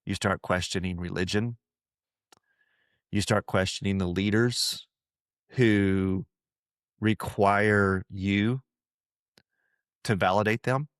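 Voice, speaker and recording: In a steady, low voice, slow and full of pauses, a podcast host shares reflective thoughts on faith. He speaks earnestly and conversationally, often repeating things and acting out quotes in different voices, with clean, dry studio sound.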